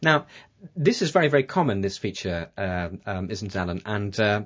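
A man's voice: on the low side, moderate pace. A man presenting an educational radio programme about English, talking casually with many fillers and restarts. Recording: dull lo-fi broadcast audio.

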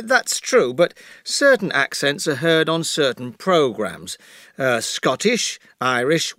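A man with a Yorkshire accent, a professor answering questions as a guest in a scripted interview, explaining in a measured way. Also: fairly high pitch, bright, forceful tone, dry recording, studio quality. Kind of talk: scripted listening-exercise interview.

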